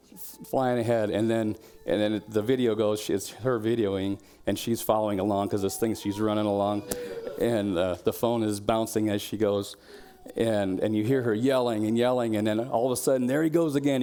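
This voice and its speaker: A man preaching a Sunday sermon in a church, in a conversational way, sometimes dropping to a quiet tone and sometimes shouting out quoted cheers. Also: fairly low pitch. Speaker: pastor.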